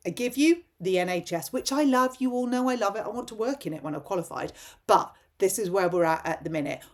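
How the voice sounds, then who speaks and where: A woman vlogging a direct-to-camera political rant, impassioned and rapid-fire, barely pausing for breath. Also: medium pitch, animated.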